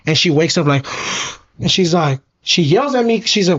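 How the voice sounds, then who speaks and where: A man's voice: a little high, expressive, moderate pace, a bit bright. A man from Southern California tells a story in casual slang, swearing and calling listeners "fool". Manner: slangy, calls everyone "fool", swears often. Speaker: podcast guest. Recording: slightly dull lo-fi sound.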